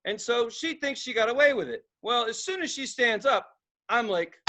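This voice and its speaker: A young man with a high, bright voice spins rowdy stories on a podcast. He swears freely, acts out sudden yells and laughs at his own tales in loose, casual chat. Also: fast. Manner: profane, animated storytelling with acted-out outbursts and laughter. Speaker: podcast co-host.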